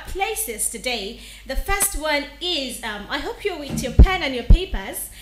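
Woman radio presenter spelling words slowly. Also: high-pitched, pushed and bright, echoey room. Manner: slow deliberate spelling, repeats each word. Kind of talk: radio diction segment, spelling and pronouncing words. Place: radio studio.

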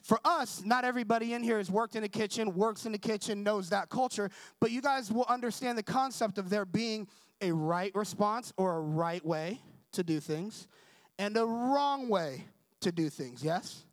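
Young guy preaching casually, kinda high voice, dry close sound, acts out little bits of dialogue. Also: normal speed, no room sound. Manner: animated storyteller acting out dialogue; conversational, asks the audience for agreement. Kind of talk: sermon storytelling.

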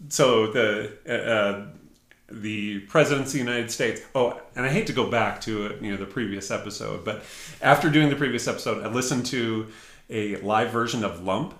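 A man's voice: on the low side, moderate pace, fairly bright tone. A middle-aged man co-hosting a podcast in casual chat, talking in a hesitant way with many fillers and restarts. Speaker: podcast co-host. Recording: echoey room.

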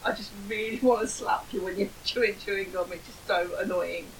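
An English woman in her forties trades playful jabs on a home-made podcast. Her voice sits at an ordinary middle pitch, slips into breathy whispers now and then, and carries a faint hiss behind it. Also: brisk, low-quality recording. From Northamptonshire, England. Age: 40s. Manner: teasing, laughs easily, drops to a breathy whisper at times. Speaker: podcast co-host. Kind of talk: casual banter.

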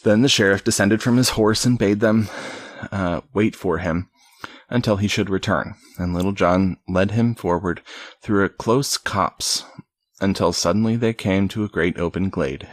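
Husky low-voiced man reading aloud. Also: dry recording. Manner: stumbles and adds wry asides. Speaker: reader. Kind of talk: casual read-aloud of a storybook.

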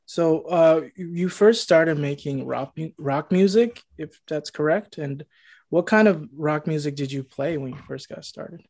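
Man, interviewer, slightly high pitch, gentle and halting questions. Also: no room sound.

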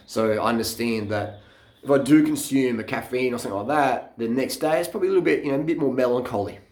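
A man talks straight into his camera in a blunt, profane rant. His voice sits in the middle range and carries an echo from the room. He gets animated and laughs at his own stories. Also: medium pitch, fast. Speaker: vlogger. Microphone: camera mic.

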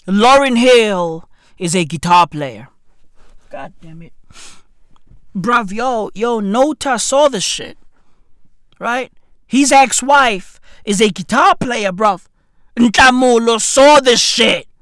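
A vlogger with delivering a comedic rant, heavy on swearing and calling out 'bruv', often bursting into shouts. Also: medium pitch, slow pace, pauses often, no echo, clean studio sound. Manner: profane, animated, keeps calling out 'bruv'.

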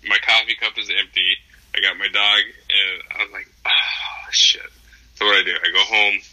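A young man chats on a podcast in a low-pitched, very bright voice. He rambles through his story with lots of ums and swears freely. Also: steady tone, a little fast, rough recording. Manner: swears often, rambling with fillers. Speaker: podcast co-host. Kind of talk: casual chat, profane storytelling.

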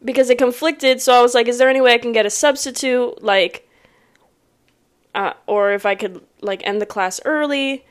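A woman's voice: a little high, steady tone, normal speed. A woman co-hosting a podcast in casual chat, with a playful, joking manner. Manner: playful, laughing, casual banter. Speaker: podcast co-host.

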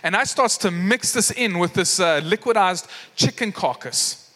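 Bright-voiced pastor. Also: male voice, high-pitched, animated, moderate pace. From South Africa. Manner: storytelling, acts out voices in the story, frequent fillers. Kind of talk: sermon. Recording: long hall reverb.

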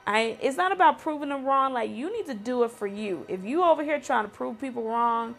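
A woman's voice: fairly high pitch, animated, a little fast, vocal fry, fairly bright tone. A woman hosting a video series, speaking fervently and with frustration to her viewers, full of fillers and restarts. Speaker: series host addressing viewers. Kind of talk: impassioned personal commentary to camera.

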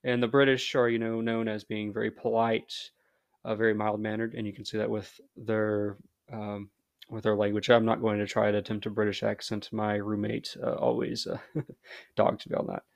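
A man's voice: on the low side, little pitch movement, normal speed, creaky, no echo. An American man hosting a podcast in a casual, rambling monologue full of fillers and self-deprecating asides. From United States. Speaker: podcast host.

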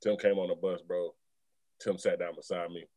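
A young man telling a story in casual chat, relaxed, mimicking a friend's words and swearing freely. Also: low-pitched, moderate pace, no echo.

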